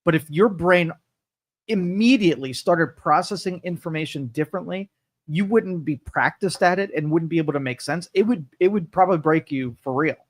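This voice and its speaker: A man co-hosts a local talk radio show with a voice a little higher than most men's. He speculates in a thoughtful, musing way. The sound is close and dry in the studio. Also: moderate pace, no echo. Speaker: co-host. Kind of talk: casual talk radio chat.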